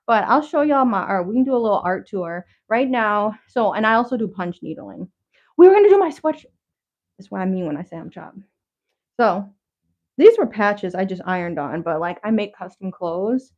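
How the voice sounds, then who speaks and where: A woman's voice: mid-range voice, a little mellow. Woman, casual livestream host, rambling slangy chat with a lot of fillers, slightly breathless, dull lo-fi audio. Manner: chatty and rambling, many fillers and restarts; casual slang, talks straight to viewers. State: a little out of breath. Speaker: livestream host showing handmade crafts.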